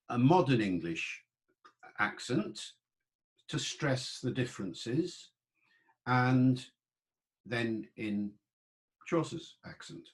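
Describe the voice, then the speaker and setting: Man lecturing with a lively, animated voice. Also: medium pitch. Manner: explanatory, sounds words out slowly to demonstrate. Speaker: lecturer on the English language. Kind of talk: online lecture.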